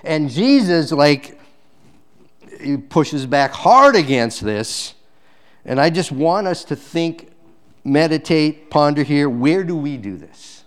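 A male pastor preaching a sermon, swinging between loud emphatic peaks and quiet, intense passages, with rhetorical questions to the congregation. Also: a little high, expressive, takes it slowly.

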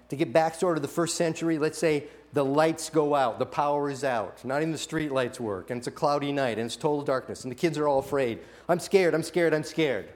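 Pastor, male, slightly high voice, animated sermon delivery with acted-out quotes and restarts.

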